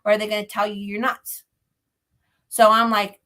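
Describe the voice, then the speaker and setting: A woman's voice: medium pitch, little pitch movement, normal speed, bright, forceful tone. Chatty, laughing woman storyteller. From Pennsylvania. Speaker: guest, paranormal investigator. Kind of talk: casual interview chat.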